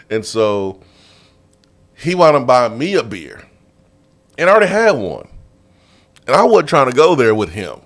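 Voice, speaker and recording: A man hosting a sports radio show, telling a story in a casual, animated way and laughing often, recorded in a studio. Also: mid-range voice, normal speed, pauses often.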